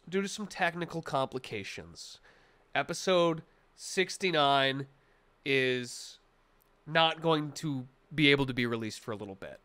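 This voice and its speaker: A man's voice: on the high side, fairly bright tone, clear, resonant tone. A young man streaming, chatting casually with his live chat in a rambling, jokey way, full of restarts and mock-serious asides.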